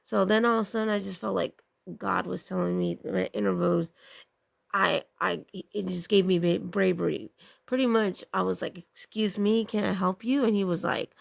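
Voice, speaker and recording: A woman's voice: medium pitch, vocal fry. A woman vlogger casually telling a personal story to camera, rambling with restarts and acting out what people said. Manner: rambling, with many restarts and acted-out quotes.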